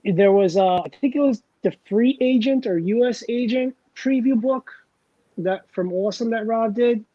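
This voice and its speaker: Male podcast host, dark mellow voice, self-deprecating rambler, slightly lo-fi dry recording. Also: extremely high pitch, moderate pace, no room sound. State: over-caffeinated. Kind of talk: casual chat.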